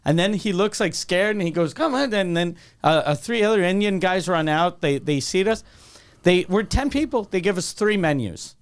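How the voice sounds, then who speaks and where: A young man on a podcast tells a long story, stopping and restarting his sentences, with dry asides and swearing. His voice sits slightly high for a man. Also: animated, normal speed, clear, resonant tone. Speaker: podcast co-host. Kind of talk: casual comedic storytelling.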